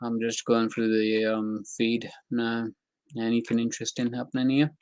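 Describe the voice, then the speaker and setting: A man's voice: medium pitch, monotone, moderate pace, darkish tone, smooth. A young man giving casual, rambling commentary on fight news, talking loosely with slang and fillers.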